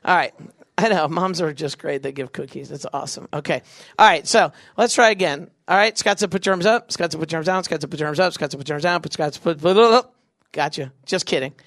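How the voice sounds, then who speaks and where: A man's voice: on the high side, fairly bright tone, no echo, clean studio sound. Goofy young man leading a crowd game. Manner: goofy, quick asides, acts out voices. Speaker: youth event speaker leading a game. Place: event venue with a live audience.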